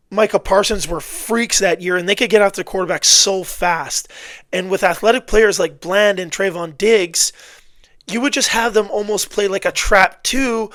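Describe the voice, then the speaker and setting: Man, football film breakdown, high voice, dry close sound, blunt, exasperated. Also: dry recording. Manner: blunt, animated, exasperated outbursts with self-corrections. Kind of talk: casual film breakdown commentary.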